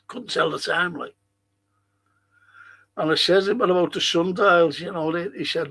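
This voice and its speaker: A man's voice: fairly high pitch, normal speed, pauses often, pushed and bright, husky. An older man with a Liverpool accent, hosting a football podcast in a casual, rambling live-stream chat, swearing freely and reading out viewers' comments. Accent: Liverpool (Scouse). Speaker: podcast host.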